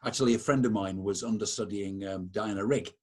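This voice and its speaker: A man's voice: lowish voice, a little fast. A man interviewing an actress, asking about her career with an admiring, enthusiastic manner. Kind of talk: interview questions.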